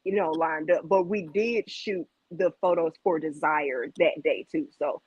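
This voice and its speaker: A young woman from Mississippi with a Southern accent, a guest singer chatting in an interview, bubbly and quick to laugh. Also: low voice, breathy edge, no room sound, highs cut off. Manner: bubbly, giggly, lively. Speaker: R&B group member, guest. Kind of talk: casual interview chat.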